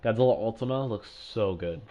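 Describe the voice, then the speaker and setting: A man's voice: fairly low pitch, moderate pace, mellow, dull audio. A man livestreaming a game, chatting casually with his chat and swearing angrily at other players. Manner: chatty, answers chat questions. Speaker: gaming livestreamer.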